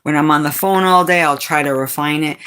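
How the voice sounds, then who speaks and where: A woman from New England hosting a casual livestream, talking back to comments from chat in a low, sultry voice. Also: brisk, a bit bright, clear, resonant tone. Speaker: livestream host.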